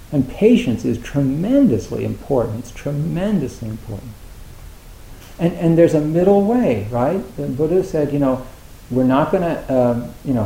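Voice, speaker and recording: Gravelly Zen teacher rambling in an echoey hall. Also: male voice, medium pitch, mellow, slight background noise. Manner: rambling, many fillers and restarts. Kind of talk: informal Dharma talk to a meditation retreat. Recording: echoey room.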